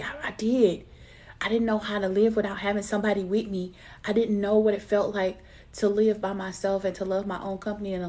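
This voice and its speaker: A woman's voice: mid-range voice, darkish tone. A middle-aged woman giving a live spiritual reading in a personal, chatty way. She laughs at herself and calls her listeners baby. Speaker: intuitive card reader.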